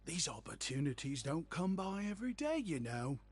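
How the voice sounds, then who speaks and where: A courteous young English shopkeeper. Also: male voice, fairly high pitch, very animated, normal speed, husky. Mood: friendly. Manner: flowery, overly courteous speech. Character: young male shopkeeper, eager, humble and polite. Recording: game audio with faint music behind.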